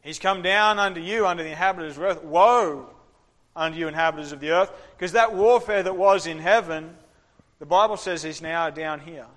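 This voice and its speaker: A man delivers a lively, interactive sermon and slips into short acted voices as he preaches. His voice is fairly high for a man. It rings with the long reverb of a church hall. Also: a little fast. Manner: animated preaching, acts out voices.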